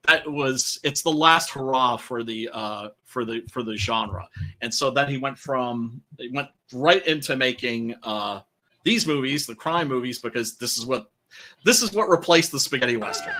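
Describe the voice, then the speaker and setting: Bright, loose-talking male podcast host. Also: medium pitch, normal speed. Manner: rambling, loose, heavy swearing, many fillers. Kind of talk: casual film discussion.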